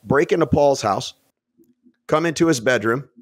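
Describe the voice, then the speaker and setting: A man's voice: mid-range voice, expressive, normal speed, dry recording. Brash, blunt man in a dry room. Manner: blunt, brash, swears freely; acts out quoted people in different voices. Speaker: podcast guest, fitness business owner. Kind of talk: casual podcast interview talk.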